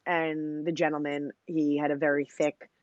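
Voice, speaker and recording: A woman's voice: low voice, level tone, normal speed, a little mellow, no echo, dull audio. A woman in her thirties, a company founder, tells her story in a casual interview. She is long-winded, scatters "you know" and "like" through her talk, and acts out the lines she quotes. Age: 30s.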